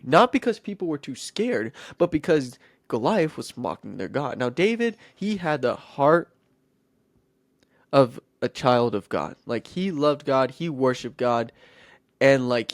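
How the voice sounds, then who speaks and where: A podcast host retells a Bible story in a casual, rambling way, breaking off into goofy side questions. His pitch jumps around a lot, and the sound is dry and close with no room around it. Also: no room sound. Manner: rambling, goofy asides, self-interrupting.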